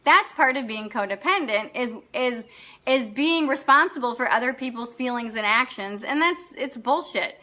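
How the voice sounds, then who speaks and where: A woman's voice: fairly high pitch, lively intonation, normal speed, pushed and bright. A woman coaching in a live online class, talking bluntly, swearing freely and laughing often as she answers viewers. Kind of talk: unscripted live-stream talk answering viewer comments.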